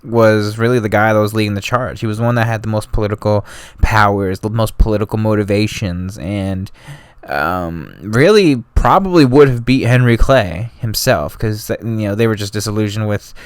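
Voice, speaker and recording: A man's voice: on the low side, normal speed, smooth, no echo. A man hosting a history podcast, telling it in loose, slangy, casual talk full of asides. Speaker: podcast host.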